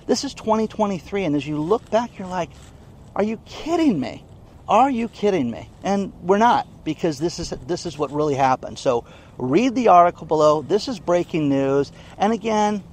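A man's voice: fairly high pitch, darkish tone, slight background noise. Indignant man in a news vlog. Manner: indignant, emphatic, keeps asking "okay?". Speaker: online commentator. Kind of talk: casual news commentary vlog.

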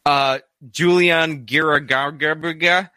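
A man's voice: fairly high pitch, fairly even intonation, slow, sharp tone, no room sound. A man hosting a casual live stream, reading out viewer donations with a rambling, laugh-filled, filler-heavy way of talking. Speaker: streamer reading super chats.

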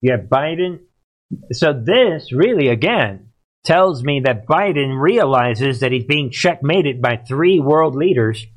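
A man's voice: mid-range voice, expressive, slow. Guy on a livestream rambling through news stories, emphatic, keeps talking to chat. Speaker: political livestream host. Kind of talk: casual livestream commentary.

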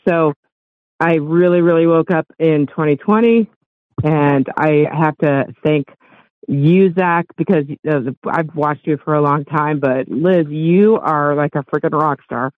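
A woman's voice: deep voice, unhurried, no room sound. Emotional older woman on a tinny phone line. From Los Angeles. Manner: emotional, earnest, gushing. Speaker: caller. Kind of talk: call-in radio chat.

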